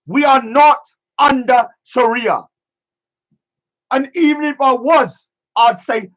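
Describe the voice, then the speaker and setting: A man's voice: extremely high pitch, unhurried, fairly bright tone, dull audio. A man delivering a scornful, emphatic rant, drumming home one catchphrase again and again. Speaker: streamer. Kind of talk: ranting monologue.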